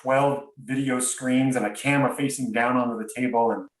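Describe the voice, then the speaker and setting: A man's voice: mid-range voice, fairly even intonation, a little fast. A man, a podcast guest, tells a personal story in an earnest, reflective way, often stopping and restarting his sentences. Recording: roomy sound, distant from mic.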